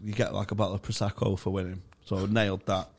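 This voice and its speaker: A man's voice: lowish voice, flat delivery, quick pace. A male stand-up comedian, swearing freely as he tells a story in casual podcast chat.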